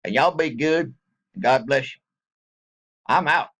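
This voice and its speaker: A man's voice: medium pitch, takes it slowly, fairly bright tone. A middle-aged man, talking casually and joking around in a rambling, folksy way to his viewers. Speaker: vlogger. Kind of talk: casual direct-to-camera talk.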